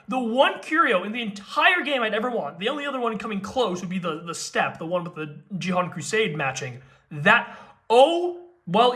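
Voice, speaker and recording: Guy doing a card unboxing, kinda high voice, super excitable and gushing. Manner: excitable, gushing, with frequent exclamations. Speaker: card game unboxing host. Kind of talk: casual unboxing commentary.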